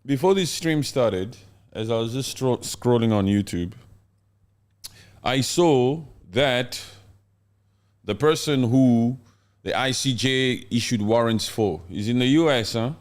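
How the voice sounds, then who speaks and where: A man's voice: medium pitch, slow. A man hosting a live-stream podcast, talking casually and explaining the news to his co-host.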